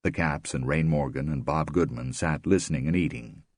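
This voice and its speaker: A man reading a novel aloud as an audiobook narrator, measured and expressive, close to the mic. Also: rumbling low, dry recording. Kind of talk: scripted narration.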